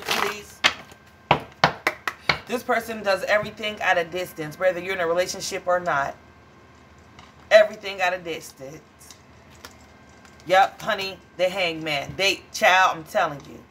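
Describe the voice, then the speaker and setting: A woman's voice: lowish voice, a bit bright, a little hiss or hum. Blunt, profane woman reading tarot. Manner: chatty, calls viewers honey and child. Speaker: tarot reader. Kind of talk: casual tarot reading to viewers.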